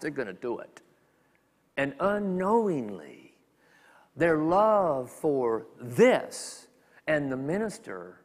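Man preaching, fairly high voice, lively pitch, conversational asides, long church reverb. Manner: animated, conversational preaching with quick acted asides. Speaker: minister. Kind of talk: sermon. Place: church sanctuary.

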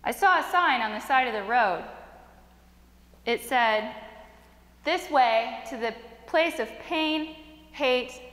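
A woman's voice: on the high side, animated, a bit bright. A young woman narrating as a young immigrant man. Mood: reflective. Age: young adult. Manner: earnest, measured storytelling. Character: young immigrant man recalling his journey. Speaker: student performer. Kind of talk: theatrical first-person narration. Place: chapel performance. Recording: echoey chapel with long reverb.

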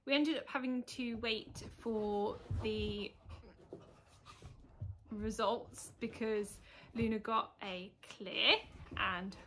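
Young woman, high voice, chatty and gushing over her dogs, handheld camera outdoors with faint background noise. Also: fairly even intonation, extremely slow, pauses often, a bit bright. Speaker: vlogger and dog agility handler. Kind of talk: casual vlog chat. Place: outdoors at a cold winter dog show.

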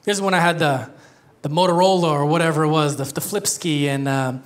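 A man's voice: on the high side, steady tone, fairly quick. A man in his thirties preaching a conversational sermon as a pastor, joking and laughing often. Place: church.

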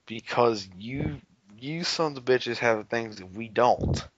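A man's voice: mid-range voice, takes it slowly, noisy background. A young American man co-hosting a gaming podcast, joking around, exclaiming and playfully crude. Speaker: podcast co-host. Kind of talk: casual chat. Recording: dull, dry home recording.

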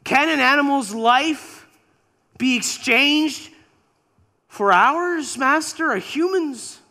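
A preacher plays a desperate young man in a high, pleading voice. The questions come out slow and bright. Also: long reverb tail, exaggerated voice.

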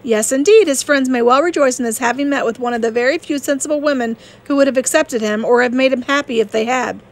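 A woman reading the part of a witty, sharp-tongued young woman in an audiobook, brisk and pointed. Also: high-pitched.

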